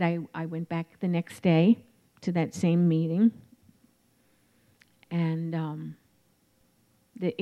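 A woman in her forties telling her recovery story in a candid, reflective way, with many pauses and fillers. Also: on the low side, mellow. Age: 40s. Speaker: recovery meeting speaker. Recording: dull lo-fi recording.

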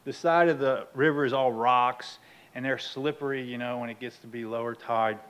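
A man sharing a humorous personal story at a recovery meeting, animated and laughing often. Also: medium pitch, moderate pace, clean tone, rough recording. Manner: animated, laughs often, acts out his own outbursts loudly.

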